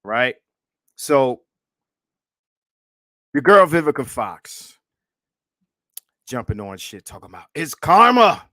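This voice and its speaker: A man's voice: medium pitch, animated, slow pace, pauses often, pushed and bright, dry recording, studio quality. Mocking, profane male livestream host. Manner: profane, mocking, laughs often. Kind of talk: casual livestream commentary.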